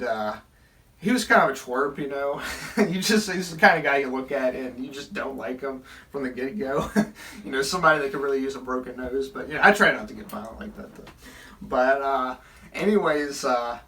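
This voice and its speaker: A man's voice: mid-range voice, a bit bright, distant mic. A young man from Southern Virginia telling a rambling personal story, with many fillers and restarts. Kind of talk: casual storytelling.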